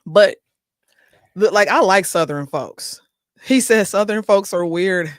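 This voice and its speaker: A man's voice: sits high, takes it slowly, no echo. Chatty male talk show host, dry sound. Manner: chatty, laughs often, talks to viewers directly. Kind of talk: casual chat, reading viewer comments aloud.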